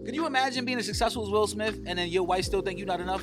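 High-voiced, profane male podcast host. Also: racing, over music. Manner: profane, animated, riffing. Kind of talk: comedic rant and podcast hosting.

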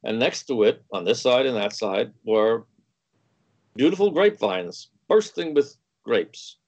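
A wine expert appearing as a guest explains something through an anecdote, voicing the quoted dialogue himself. His medium-pitched voice has a darkish tone, and he's animated but unhurried. The recording sounds dull and lo-fi.

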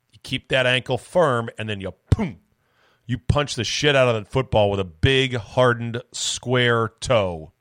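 A man hosting a solo sports podcast, telling loose, profane, animated stories close to the mic. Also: fairly low pitch, no room sound. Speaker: podcast host.

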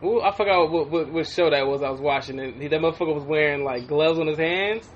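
A man co-hosting a podcast in casual banter, profane and animated, often laughing and acting out quotes from others. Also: on the high side, fast, dull audio, slight background noise. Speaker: podcast co-host.

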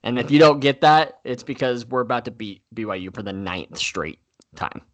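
A young man co-hosting a casual sports podcast, relaxed and teasing. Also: medium pitch, moderate pace. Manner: relaxed, teasing, laid-back. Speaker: podcast co-host.

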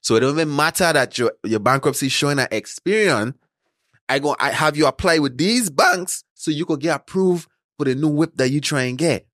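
A man casually telling stories about fixing credit, acting out phone calls with excited, animated voices. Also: a little high, a little fast, dry recording, studio quality. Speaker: credit repair entrepreneur, podcast guest. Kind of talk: casual storytelling chat.

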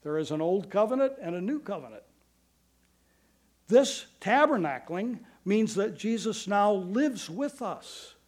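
A man preaching a sermon as pastor, earnest and emphatic, with quick asides and slow stressed phrases. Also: high voice, lively intonation, darkish tone.

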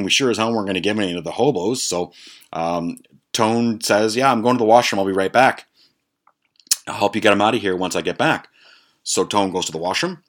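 A man in his forties hosting a podcast, telling a rambling, profane, amused story. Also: low-pitched. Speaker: podcast host. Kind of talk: casual storytelling.

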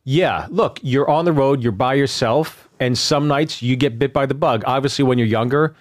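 A male comedian and filmmaker talking as a guest in a casual chat, relaxed and swearing now and then. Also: mid-range voice, moderate pace, no room sound, studio quality.

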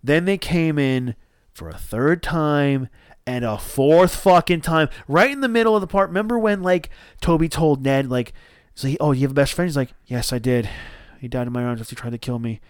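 A man's voice: fairly high pitch, moderate pace, clear, resonant tone, no room sound, clean studio sound. A man, co-hosting a podcast and telling a rambling, profane story full of restarts. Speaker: podcast co-host.

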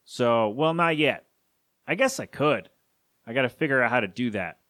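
A man's voice: medium pitch, animated, normal speed, a bit bright, no room sound. A man hosting a solo podcast from his home studio, rambling casually with self-deprecating asides. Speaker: podcast host.

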